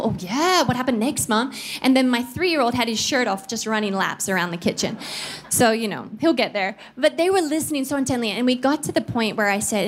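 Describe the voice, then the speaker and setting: A woman's voice: on the high side, slight background noise. A woman in her thirties of Filipino background preaching a sermon as a pastor, telling stories and playfully acting out voices. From Philippines. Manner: animated, acts out voices playfully. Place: church studio.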